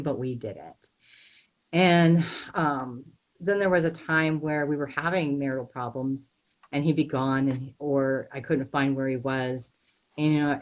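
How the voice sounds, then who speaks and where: A young adult woman in an interview, telling her own story in an earnest, halting way with many pauses and restarts. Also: very deep voice, low-quality recording.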